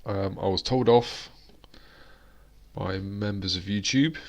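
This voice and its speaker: A man's voice: fairly low pitch, takes it slowly. A British man hosting a live-stream chat, rambling along with plenty of fillers and restarts. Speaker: host.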